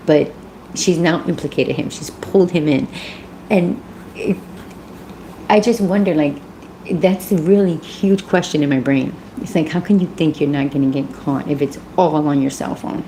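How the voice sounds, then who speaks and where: Gravelly low-voiced woman vlogger. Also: dark tone, slight background noise, low-quality recording. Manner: blunt, swears freely, rising to emphatic. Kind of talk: casual commentary vlog.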